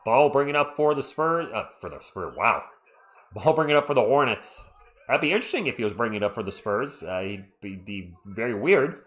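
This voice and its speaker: A man's voice: mid-range voice, sing-song, brisk, a bit bright. A man hosting a live stream, giving casual fan play-by-play of a basketball game and chatting with viewers between plays.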